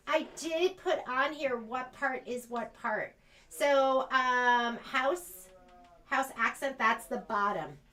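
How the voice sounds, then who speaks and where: A woman's voice: high-pitched, pushed and bright. An American woman demonstrating machine embroidery in a sewing shop, chatting casually and thinking aloud as she works.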